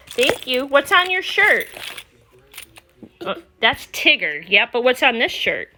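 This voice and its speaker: Lady vlogging at home, high bright voice, slow sing-song baby talk to a toddler. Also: very animated, a little hiss or hum. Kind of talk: casual home vlog. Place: home indoors.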